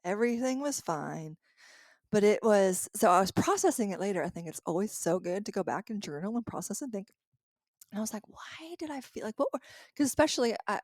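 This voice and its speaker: Animated woman podcaster telling a story. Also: lowish voice, no room sound, studio quality. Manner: animated, laughing often, acting out her own past lines. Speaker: podcast host and coach. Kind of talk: casual storytelling monologue.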